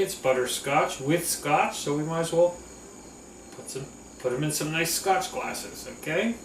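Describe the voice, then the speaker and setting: A man's voice: on the high side, noisy background. A man hosting a casual cooking video, chatty and upbeat, laughing often as he works in his kitchen. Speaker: cooking vlog host. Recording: echoey room with faint ambience.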